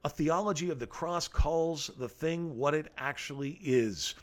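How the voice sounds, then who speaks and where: An earnest man delivers a sermon, reading passages aloud and then explaining them. His voice sits a little higher than most men's. He leans on key phrases and repeats them for weight. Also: unhurried. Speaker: preacher.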